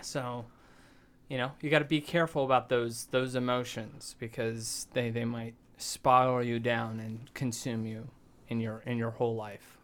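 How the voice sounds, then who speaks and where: A man's voice: medium pitch, flat delivery, normal speed, fairly bright tone. A man co-hosting a podcast in casual chat, speaking in an earnest, reflective way. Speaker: podcast co-host.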